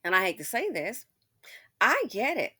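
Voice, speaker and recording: A woman's voice: mid-range voice, wildly swooping pitch, moderate pace, sharp tone, husky, no echo, clean studio sound. A woman hosting a casual commentary, talking straight to her listener in a sassy, outspoken way. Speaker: commentary channel host.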